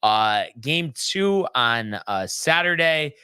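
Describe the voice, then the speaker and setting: A man talking through a sports recap in a casual, rambling way, full of ums and small restarts. His voice is bright and crisp, and it sounds close and dry with no room echo. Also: a little high, expressive, takes it slowly. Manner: loose and chatty, many ums and restarts. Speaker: sports show host.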